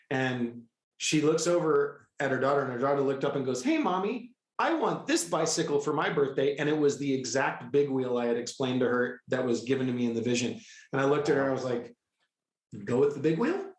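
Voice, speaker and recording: A middle-aged man telling a personal story with excitable, animated energy, often breaking into quoted dialogue. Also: mid-range voice. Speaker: guest, healer. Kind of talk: storytelling in a conversational interview. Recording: echoey room.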